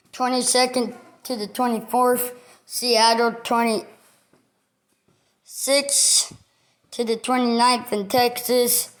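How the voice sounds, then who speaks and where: A woman hosts a casual sports news rundown, reading a schedule item by item. She speaks slowly with a somewhat high voice. Her delivery is halting and list-like. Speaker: sports video host.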